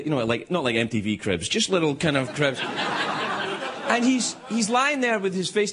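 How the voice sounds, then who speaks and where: A man's voice: mid-range voice, fairly bright tone, husky. A middle-aged man, a late-night host giving a stand-up monologue, rambling and self-interrupting and chuckling at his own jokes, with audience laughter behind him. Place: TV studio with live audience. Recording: noisy studio audio with crowd laughter.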